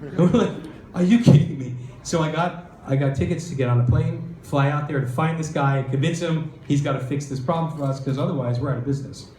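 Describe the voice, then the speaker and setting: A man speaking at a conference, spinning a lively startup story and slipping into the voices of the people in it. His voice is mellow and sits a little high. The sound is roomy, as in a hall, with faint ambience behind it. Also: fast talker, a little hiss or hum. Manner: animated storyteller, acts out quoted voices. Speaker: venture capitalist speaker. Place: event hall.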